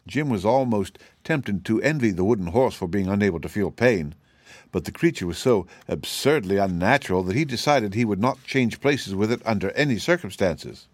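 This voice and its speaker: A man reading a children's storybook aloud in steady, measured narration. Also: fairly low pitch, dry recording. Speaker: audiobook reader. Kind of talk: scripted narration.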